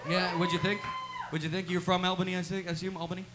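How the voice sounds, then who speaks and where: A man performing a stand-up comedy set in a small live venue, delivering deadpan one-liners and tagging nearly every line with "right?". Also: high-pitched, very fast, slight background noise.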